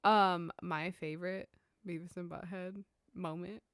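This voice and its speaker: A woman's voice: lowish voice, steady tone, unhurried, clear, resonant tone, dry recording, studio quality. A woman co-hosting a podcast in casual chat, playful and enthusiastic, stretching out words for emphasis. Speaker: podcast co-host.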